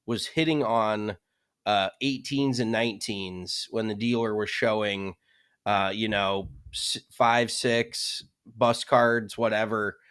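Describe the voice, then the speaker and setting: A young man co-hosting a podcast in relaxed, chatty conversation. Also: on the low side, slow, clean tone. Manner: relaxed and chatty, frequent fillers. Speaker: podcast co-host. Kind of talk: casual chat.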